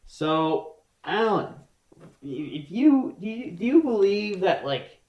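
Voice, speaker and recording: A man's voice: high voice, big pitch swings, a little mellow, lo-fi sound. Rambling young man in an echoey room. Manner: rambling, restarts often, quick bursts then slow. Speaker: podcast co-host. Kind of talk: casual chat. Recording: roomy echo.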